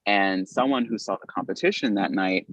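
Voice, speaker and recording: A man from Philadelphia, a drag performer and podcast guest, telling a story in casual, swearing, animated talk, jumping high in pitch when he acts out quotes. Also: normal speed, no room sound, muffled recording.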